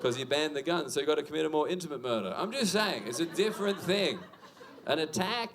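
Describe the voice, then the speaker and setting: A young Australian man with an Australian accent performs a stand-up set at a comedy venue, swearing conversationally and working the crowd with lots of tag questions. His voice is high-ish, expressive and quick. Audience noise from the live room can be heard.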